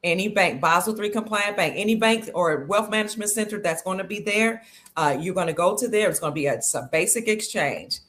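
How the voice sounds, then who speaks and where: An upbeat woman from Cleveland, Ohio, hosting a live stream. She talks casually and chattily, reading out comments from viewers. Her pitch is middle-of-the-road for a woman. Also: fairly quick, fairly bright tone. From Cleveland, Ohio, USA. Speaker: livestream host. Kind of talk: casual livestream chat greeting viewers.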